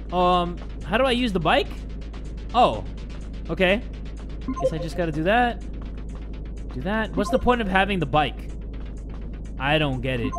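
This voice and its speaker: Excitable high-voiced man gaming. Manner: excitable, jokey, with sudden yelps and swearing. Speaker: gaming YouTuber. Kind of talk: let's play commentary. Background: game music.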